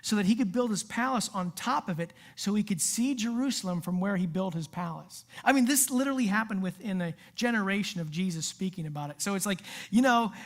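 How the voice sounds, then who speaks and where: Brief: woman pastor, conversational sermon delivery with lively asides, at a middle pitch. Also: a little fast, hardly any pauses. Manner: casual, animated preaching with asides. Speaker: youth pastor.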